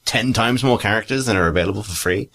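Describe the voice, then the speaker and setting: A man with a very low voice chats casually as a podcast co-host. He rambles a little and corrects himself as he goes. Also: fast, fairly bright tone. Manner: rambling, self-correcting, thinking aloud. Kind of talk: casual chat.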